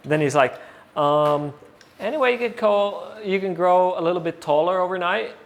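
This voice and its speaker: Male guest, somewhat high voice, animated storyteller who acts out the people in his story. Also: moderate pace. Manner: animated, acts out quoted voices, many fillers. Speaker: interview guest. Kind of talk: casual storytelling.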